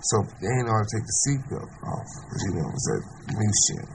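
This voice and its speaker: A man's voice: lowish voice, huge pitch swings, fast talker, gravelly, very noisy. A man retelling a story in slangy speech, acting out the dialogue. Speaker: interviewee telling a story. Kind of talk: casual storytelling.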